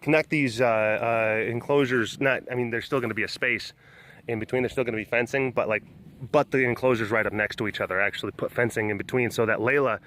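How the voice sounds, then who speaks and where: A man's voice: mid-range voice, fairly even intonation, quick pace, fairly bright tone, slight background noise. A young man chatting upbeat and rambling as he walks around an outdoor big cat compound. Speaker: animal sanctuary vlogger. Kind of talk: casual walking vlog.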